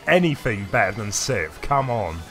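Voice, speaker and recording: A man's voice: fairly low pitch, big pitch swings, moderate pace, a bit bright. A British man live-streaming a game and chatting with viewers, feeling unwell and coughing now and then. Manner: rambling, chatty, answers chat by name. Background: faint game music.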